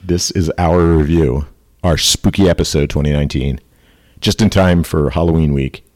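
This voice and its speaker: A man hosting a casual review podcast, joking and reading notes quickly. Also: extremely low pitch, fairly even intonation, a little mellow. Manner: jokey, reads notes quickly. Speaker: podcast host.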